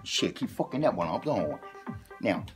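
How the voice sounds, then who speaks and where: A man's voice: on the low side, sing-song, moderate pace. A man doing a rambling, profane comic rant as a vlogger, repeating a drawling catchphrase. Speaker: comedy vlogger. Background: epic background music.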